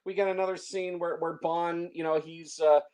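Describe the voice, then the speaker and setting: Opinionated man with halting restarts. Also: a little high, little pitch movement, darkish tone, clean tone. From San Francisco Bay Area. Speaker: film reviewer. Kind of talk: casual film review chat.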